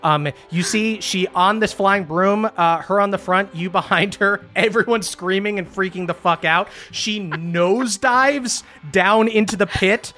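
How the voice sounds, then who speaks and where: A man's voice: high-pitched, a little slow, hardly any pauses. A laid-back man running a tabletop game. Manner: relaxed and easily amused. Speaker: game master.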